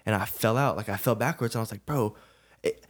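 A man's voice: on the low side, quick pace. A young man, a podcast guest, telling a personal story in a casual, laid-back way, often laughing and saying "bro".

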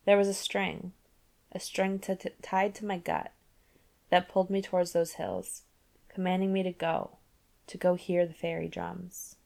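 A woman's voice: fairly low pitch, unhurried, gravelly, dark tone. A woman podcast host reading passages from a novel aloud, then recapping them in a casual, chatty way. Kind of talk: book club reading and recap.

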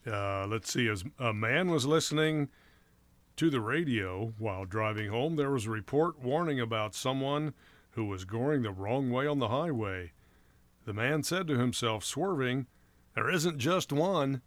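A man's voice: medium pitch, lively intonation, dry recording. A man co-hosting a radio show, telling jokes and short stories in an easygoing way. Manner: unhurried, easygoing storytelling. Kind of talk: joke-telling radio chat.

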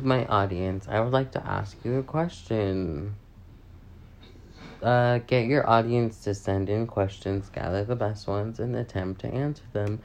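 A man's voice: lowish voice, clean tone. A young man with a sore voice, chatty and sassy, swearing freely as he rants in a casual vlog. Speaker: vlogger.

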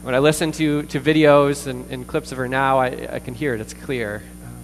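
A man preaching a sermon as pastor, earnest, with pauses, fillers and repeated words. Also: mid-range voice, steady tone. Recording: distant reverberant hall with mains hum.

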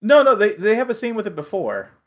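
A man's voice: high-pitched, big pitch swings, a little fast, fairly bright tone. An easygoing man co-hosting a casual talk show, recapping episodes. He slips into the characters' lines as he tells the story. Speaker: podcast co-host. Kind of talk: casual chat recapping an anime.

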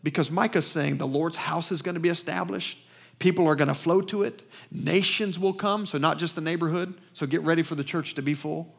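A man with a Southern US accent delivers a sermon in a church, with a voice pitched a little above the usual for a man. He talks fast and with emphasis, and he keeps calling on the congregation to answer him. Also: fairly even intonation, gravelly. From Southern United States. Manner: emphatic, with call-and-response to the congregation; fast-talking. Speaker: preacher. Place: church sanctuary.

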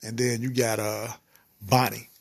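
Husky guy on his comedy podcast, rambling, laughing at his own jokes. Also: medium pitch, flat delivery, unhurried. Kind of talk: casual joke telling.

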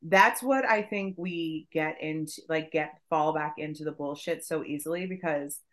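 Woman cohost just chatting, lower voice, swears a lot, tells stories all worked up. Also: normal speed. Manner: profane, animated storytelling. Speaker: podcast co-host. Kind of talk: casual chat.

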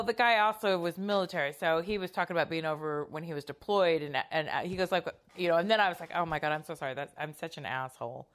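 A woman telling a story in casual podcast chat, rambling and self-conscious with many fillers and restarts. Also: mid-range voice.

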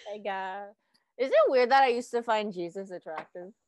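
A woman's voice: medium pitch, normal speed, a little mellow, no echo. A young woman co-hosting a casual podcast, joking and laughing a lot as she talks. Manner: joking, chaotic, frequent laughter. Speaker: podcast co-host. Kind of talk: casual chat.

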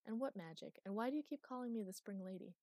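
A woman's voice: medium pitch, animated, fast talker, dark tone, dry recording, studio quality, voice pushed up, natural voice. A woman voicing a stubborn, irritable young woman who is exasperated and doubtful.

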